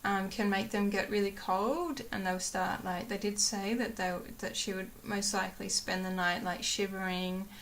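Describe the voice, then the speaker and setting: A woman's voice: medium pitch, steady tone, moderate pace, hardly any pauses, a bit bright, slight background noise. A young woman chatting casually to her camera at home, rambling with many fillers and acting out what others said. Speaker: vlogger.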